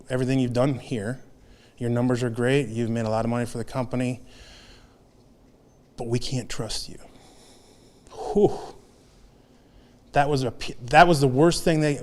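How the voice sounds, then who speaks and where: A man's voice: medium pitch, darkish tone. A man in his thirties giving a candid, confessional talk as a guest speaker at a men's group, telling his own story with frequent restarts. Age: 30s. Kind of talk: personal testimony talk.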